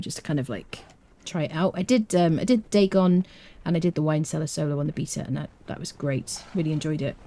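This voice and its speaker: A woman's voice: low voice, warm tone. A young woman from the United Kingdom chatting with her viewers as she streams a game live. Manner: chatty, talks to viewers in chat. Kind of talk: live-streamed gameplay commentary.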